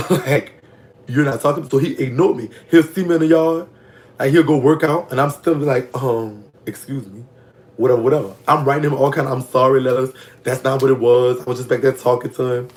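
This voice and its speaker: Gossipy man from Louisiana, Southern accent. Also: fairly quick. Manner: gossipy and animated, voice jumping high when reacting to comments. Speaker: vlogger telling prison stories. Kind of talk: casual storytime monologue.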